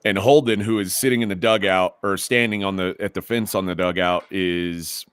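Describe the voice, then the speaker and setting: A man's voice: sits low, fairly even intonation, moderate pace, a bit bright, smooth, no room sound, studio quality. A middle-aged man hosting a podcast, telling a rambling story with many restarts and growing heated. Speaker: podcast host. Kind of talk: casual storytelling.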